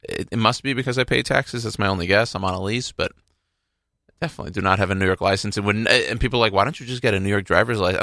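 A young man hosting a radio show, chatting casually into a studio microphone. His low voice has a gravelly edge and a bright, forceful tone. He rambles through his stories with frequent restarts, and the sound is dry and close. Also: racing, no echo. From Texas.

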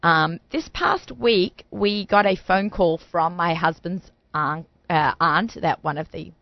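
A woman's voice: lowish voice, takes it slowly, no echo, dull audio. A woman hosting a radio talk show in a studio, chatty and bubbly, talking with lots of fillers.

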